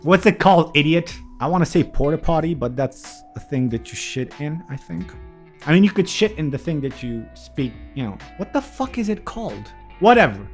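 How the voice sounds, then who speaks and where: A man delivering a candid vlog monologue as a heated, profane, emphatic rant. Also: on the high side. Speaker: vlogger.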